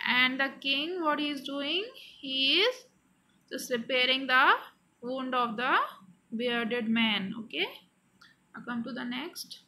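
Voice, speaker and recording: High, slow woman teacher explaining a story. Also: sharp tone, slight background noise, rough recording. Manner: reads a line then re-explains it in simple words. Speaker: English teacher.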